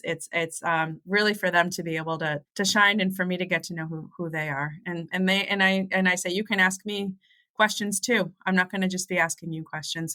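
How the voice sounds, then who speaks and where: A woman's voice: lowish voice, sharp tone. A woman working in private school admissions, speaking casually on a panel and filling her talk with "you know". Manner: friendly, laughs easily, fillers like "you know". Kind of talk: panel discussion.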